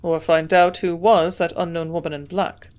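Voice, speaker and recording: A woman's voice: on the low side, little pitch movement, moderate pace, darkish tone, lightly acted. A woman reading an earnest young doctor.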